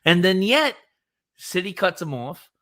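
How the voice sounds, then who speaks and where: A man's voice: high voice, unhurried. A middle-aged man on a casual live stream, telling stories with lots of swearing and mimicry of other people. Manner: animated storytelling, swears freely, mimics others. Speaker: co-host.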